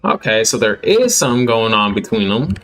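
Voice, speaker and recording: A man's voice: lowish voice, sing-song, fairly quick, a bit bright, faint music behind. Man giving wry let's play asides. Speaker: gaming channel host.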